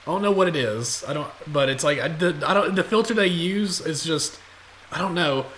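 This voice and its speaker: A young man co-hosting a casual let's-play, rambling excitably with many restarts. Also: a little high, moderate pace, slight background noise. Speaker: co-host.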